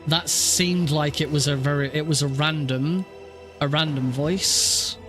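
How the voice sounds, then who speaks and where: A man chats away casually on a live stream, rambling and correcting himself as he goes. His voice sits a little higher than most men's. Faint game music plays underneath. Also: measured pace. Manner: rambling, self-correcting, chatty. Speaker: speedrun streamer.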